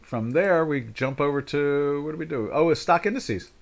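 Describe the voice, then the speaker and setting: Here the voice is a little high, expressive, and creaky, moving at normal speed. He's an older American hosting a live trading webinar, wandering through market talk full of restarts and "you know" fillers.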